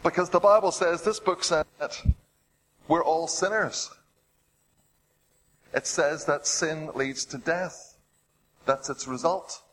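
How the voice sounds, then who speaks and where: A man preaching a sermon. He retells stories with rising drama, asks the listeners rhetorical questions and drops to a hush on heavy points. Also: a little high, slow, pauses often, rough recording.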